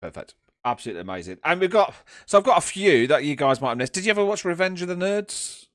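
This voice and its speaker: A man hosting a casual chat, lively and swearing, calling on the others to speak. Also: sits high, fast, dry recording, clean studio sound.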